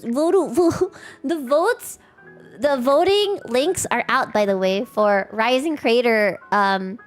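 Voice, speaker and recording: A young woman, chatting with her viewers in a high voice that swoops up and down. Her talk is animated and giggly. Faint music plays underneath. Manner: animated, giggly, acts out polite strangers and sings snatches of songs. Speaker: streamer. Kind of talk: casual chat with livestream viewers.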